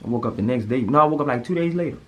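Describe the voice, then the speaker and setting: Animated young man telling a story. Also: racing. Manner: animated, jumps high when acting out panic. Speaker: vlogger telling a personal story. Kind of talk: casual storytelling to camera.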